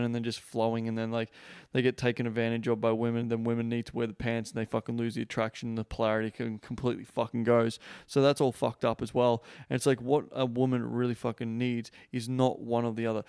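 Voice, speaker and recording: Gravelly, swearing man. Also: medium pitch, a little mellow, no room sound, clean studio sound. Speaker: podcast host. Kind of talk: blunt casual coaching talk.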